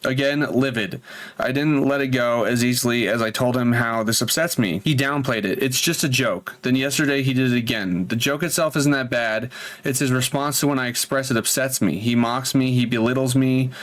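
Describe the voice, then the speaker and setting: A man reading online posts aloud and chatting his reactions between them, with quick asides. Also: medium pitch, fairly even intonation, a bit bright. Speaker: reddit story reader and reactor.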